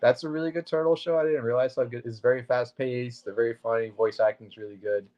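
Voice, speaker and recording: A man's voice: mid-range voice, steady tone, fast, a little mellow, dull audio. A man co-hosting a comic book show, laid-back and easygoing, with many "uh"s. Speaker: co-host and comic vendor. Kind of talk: casual chat.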